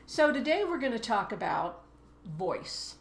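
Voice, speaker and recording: A woman's voice: fairly high pitch, very animated, measured pace, vocal fry, reverberant, slight background noise. A woman teacher co-hosting a casual chat, explaining ideas at length and acting out voices as examples. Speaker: teacher and co-host. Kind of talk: casual two-person chat.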